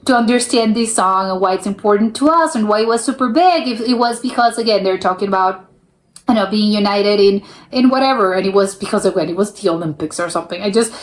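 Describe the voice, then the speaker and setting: A woman's voice: mid-range voice, quick pace. A young American woman hosting a reaction video, thinking aloud in casual chat with many restarts. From United States. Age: young adult. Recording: roomy echo.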